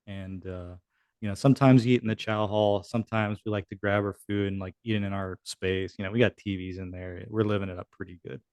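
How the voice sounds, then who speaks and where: A man's voice: lowish voice, steady tone, brisk, a little mellow, smooth, no echo, clean studio sound. A man in his thirties, a military veteran guest on a podcast, telling a war story in a casual, profane way. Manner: casual, profane, acts out quoted dialogue. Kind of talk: conversational storytelling.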